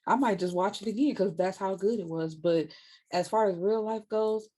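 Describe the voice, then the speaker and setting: A young woman giving a casual spoken review of a TV show, blunt and animated, swearing freely and talking straight to her viewers. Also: mid-range voice, moderate pace. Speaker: book and TV reviewer.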